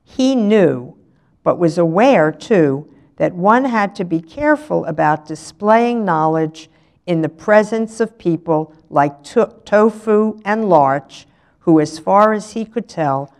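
An older woman reads a novel aloud at a slow, measured pace. Her voice sits fairly low. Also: expressive, darkish tone. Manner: measured, unhurried. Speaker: resident reader.

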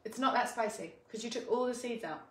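A woman, hosting a home cooking show and chatting casually, sometimes softly humming and murmuring. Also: on the high side, fairly quick, roomy sound. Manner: chatty and warm, slips into soft singing and quiet murmurs. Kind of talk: casual chat while cooking.

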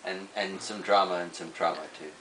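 A man's voice: low-pitched, level tone, fairly quick, bright, forceful tone, low-quality recording. A man co-hosting a casual home vlog, easygoing and matter-of-fact. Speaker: vlogger co-host.

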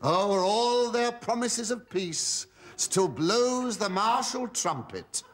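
A man's voice: sits high, lively intonation, takes it slowly. An actor playing a cowardly, cheeky male slave in a sitcom, camp and full of asides to the audience, in a noisy old TV studio recording. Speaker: comic lead slave in a sitcom. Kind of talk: sitcom acting with audience laughter.

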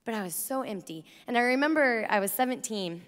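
Young woman, youth conference speaker, chatty storytelling, fairly high voice, long arena reverb. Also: animated, a little fast, a bit bright. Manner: chatty, storytelling, lots of "like" and "you know". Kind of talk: energetic faith talk to a youth crowd.

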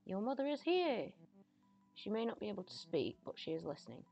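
A woman reading the lines of a young female psychic in a slow, hushed, mystical manner for a narrative game. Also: mid-range voice, very animated, creaky, muffled recording, soft background music, pitched above the performer's own voice. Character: solemn young female psychic with witchy flair.

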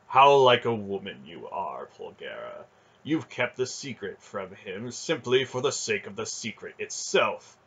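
A man voicing a scheming, scarred male sorcerer priest in a storybook reading, slow, gloating and mocking. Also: lowish voice, very animated, fairly bright tone, breathy edge, exaggerated voice.

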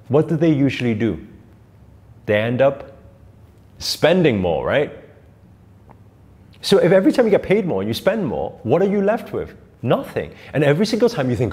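Lively-voiced man teaching with rhetorical questions. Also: a little high. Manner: emphatic, rhetorical questions, repeats key phrases. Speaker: spiritual teacher. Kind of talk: motivational teaching talk.

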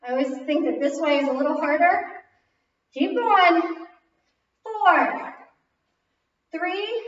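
A woman's voice: very high voice, slow. A female fitness instructor leading a kickboxing class, counting reps and calling moves while working out, a little out of breath. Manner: energetic counting and cueing while exercising. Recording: very echoey distant lo-fi recording.

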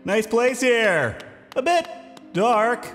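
A man's voice: very high-pitched, very animated, extremely slow, fairly bright tone, full character voice. A man voicing a sarcastic, nervous little male bug knight in a comedy fan-parody, bouncing between bravado and panic. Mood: wisecracking. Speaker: voice actor and channel host. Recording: music bed under the voice.

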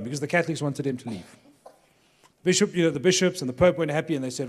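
Fast-talking and on the high side, a man from Durban, South Africa, tells funny stories to pastors gathered in a large hall, acting out whoever he quotes as part of a workshop talk to the live audience. The hall adds a long reverb.

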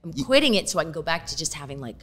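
A woman in her fifties chatting as a podcast guest, telling stories candidly and swearing without a second thought. Her talk is loose and animated, full of acted-out quotes. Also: deep voice, rapid-fire, slight background noise. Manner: candid, storytelling, swears freely. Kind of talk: casual chat.

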